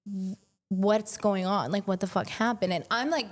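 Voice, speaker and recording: A woman's voice: medium pitch, moderate pace. A young woman on a podcast, casually telling a personal story, peppered with "like" and swearing. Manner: chatty, frequent "like", swearing. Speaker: podcast guest.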